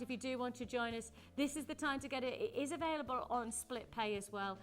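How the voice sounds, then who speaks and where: A woman presenting a live home shopping show, chatty and persuasive as she gushes over the jewellery. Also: on the high side.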